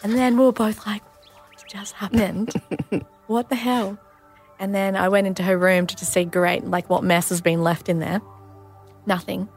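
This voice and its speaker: A chatty woman in her thirties with a voice pitched a little low. She tells her story in an easy, rambling way, with plenty of fillers. Faint music sits underneath. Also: steady tone. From Australia. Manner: chatty, lots of "like" and "you know", quick asides. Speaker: guest, nurse and mother. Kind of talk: casual storytelling interview.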